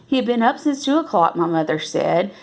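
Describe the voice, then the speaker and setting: A woman reading a novel aloud at an unhurried pace, now and then correcting herself and lifting her voice for the characters' lines. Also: medium pitch, animated, gravelly, darkish tone. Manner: unhurried, with self-corrections and restarts. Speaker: reader.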